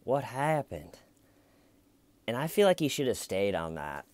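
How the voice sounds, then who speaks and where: A man's voice: on the low side, wildly swooping pitch, a little fast, darkish tone, clear, resonant tone, dry recording. A man giving casual true crime commentary, musing aloud in a wry tone with hesitant restarts.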